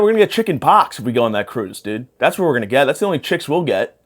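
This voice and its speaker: A young man hosting a podcast talks at a quick pace in a fairly high, very animated voice. Coming off a panic attack and feeling spacey, he rambles profanely for laughs, bouncing between topics.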